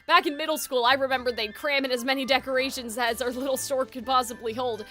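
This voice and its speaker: A calm, caring young man who is an older brother, read by a woman streamer. He speaks in a matter-of-fact way, in a high, bright voice. Faint music plays underneath. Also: fast. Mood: mild.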